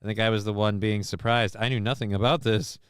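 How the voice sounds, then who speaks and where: A man's voice: fairly low pitch, steady tone, fairly quick, clear, resonant tone, dry recording, studio quality. A man hosting a casual livestream, rambling, cursing and making sarcastic asides while reading chat messages. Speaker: livestream host.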